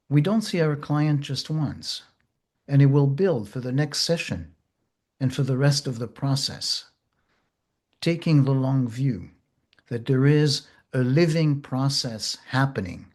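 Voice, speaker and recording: A man teaching therapists in a slow, gentle, measured way, pausing often. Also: mid-range voice. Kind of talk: reflective teaching talk.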